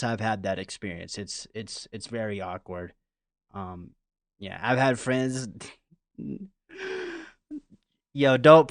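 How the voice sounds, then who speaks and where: A man's voice: medium pitch, no echo, clean studio sound. A man from California giving casual, rambling reaction commentary who swears freely. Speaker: reaction streamer.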